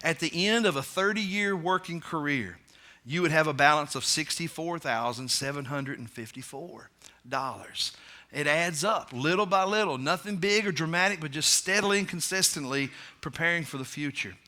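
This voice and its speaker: A man's voice: a little high, normal speed, bright, forceful tone. A man with a Kentucky accent, preaching a sermon in church in a plain, conversational way with fillers and restarts. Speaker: pastor. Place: church sanctuary.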